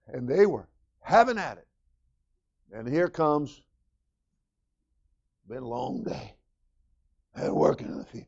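A man preaching a sermon as senior pastor, animated and calling out to his congregation. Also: fairly high pitch, slow, vocal fry, pauses often, dull audio. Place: church.

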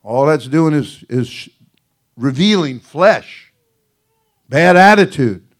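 Man, senior pastor, sermon, folksy, joking, laughs often, slightly high voice. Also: expressive, takes it slowly.

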